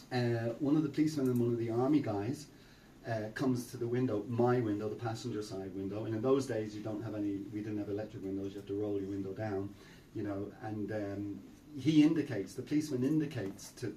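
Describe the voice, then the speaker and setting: The older Irish preacher, speaking on the low side with a mellow tone, delivers a chatty storytelling talk at a temple, a little fast and with fairly even intonation. Fillers and repeats run throughout, and the distant mic gives a roomy sound with a bit of hiss or hum.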